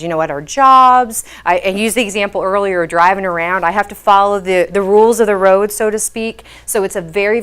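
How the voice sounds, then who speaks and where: A woman's voice: medium pitch, a bit bright, clear, resonant tone. Woman behavior specialist, instructional talk for parents, patient and explanatory. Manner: patient, explanatory, frequent "um" fillers.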